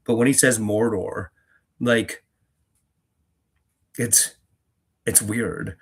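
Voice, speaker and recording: A man's voice: lowish voice, steady tone, extremely slow, husky. A man hosting a book-reading channel, chatting casually between readings in a rambling way, with frequent restarts and fillers. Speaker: reader and host.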